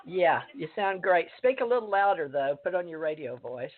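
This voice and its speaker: A woman hosting a talk radio show, rambling and halting with many fillers. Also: lowish voice, lively intonation. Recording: tinny phone line.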